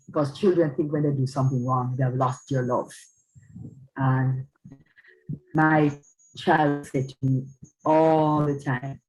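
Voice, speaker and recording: A woman's voice: rumbling low, steady tone, moderate pace, a little mellow, rough recording. Female speaker at a church event, earnest, keeps asking "all right?" to check in with listeners. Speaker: speaker on parenting. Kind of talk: church talk.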